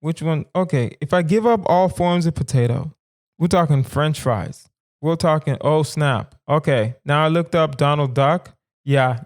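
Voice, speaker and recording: A man in his thirties from the southern United States, hosting a solo comedy podcast in a rambling, animated way and putting rhetorical questions to his listeners. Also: a little high. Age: 30s. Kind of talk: casual solo podcast musing.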